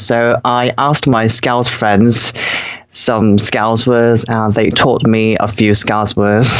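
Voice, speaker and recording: A man's voice: medium pitch, a bit bright, smooth. A young man from South Korea, a native Korean speaker, chatting as a podcast guest in a hesitant way with many fillers and frequent laughs. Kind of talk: casual podcast chat.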